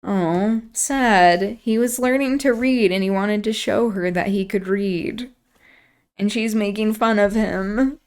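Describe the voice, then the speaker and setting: A woman at a streaming mic reads a classic novel aloud in an even, mid-range voice. Now and then she breaks off for quieter, reflective asides. It has the relaxed feel of an end-of-stream storytime. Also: medium pitch, slow pace.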